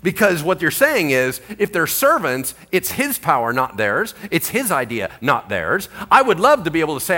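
A male pastor teaching a Bible sermon, animated and full of rhetorical questions. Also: a little high, moderate pace, hardly any pauses.

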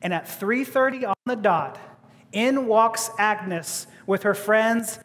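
A man with a high voice tells a story in a sermon, acting out each person's lines and stumbling into restarts. The sound carries the long reverb of a large hall. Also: slow. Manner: animated, acting out quotes, stammering restarts. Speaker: preacher.

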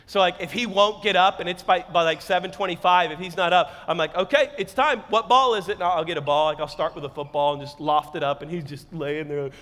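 A man preaching a sermon as pastor, conversational and joking, at times shouting loudly. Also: a little high, flat delivery, quick pace, few pauses. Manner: conversational and joking, bursting into loud shouted lines. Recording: long hall reverb.

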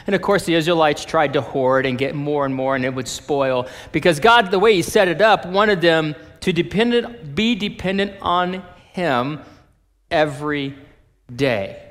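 A male pastor preaching a sermon, telling the story in an animated way and acting out the people in it. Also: fairly high pitch, a little slow. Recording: long reverb of a large hall.

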